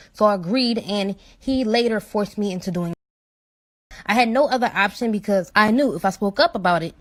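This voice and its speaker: A woman reading out a first-person story in a plain, matter-of-fact way. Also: medium pitch.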